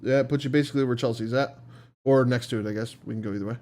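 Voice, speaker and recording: A relaxed man runs a tabletop game, narrating moves and answering his players. His voice sits at an ordinary pitch, and he talks in an easygoing way, often chuckling. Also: racing. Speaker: dungeon master. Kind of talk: running a live tabletop game.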